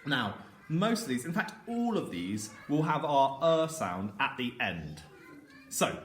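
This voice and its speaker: A man leads a children's phonics lesson, stretching out each sound slowly and praising the class. His pitch swings widely as he speaks. The room is echoey, with a faint hum of ambience behind him. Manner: slow, sounding out words letter by letter; encouraging, animated teacher voice. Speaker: primary school teacher.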